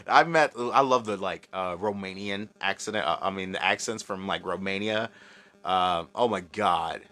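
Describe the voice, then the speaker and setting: A man's voice: sits low, unhurried, sharp tone. A man hosting a casual live chat, joking, swearing and laughing often, with a slight American country accent. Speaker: livestream host answering chat.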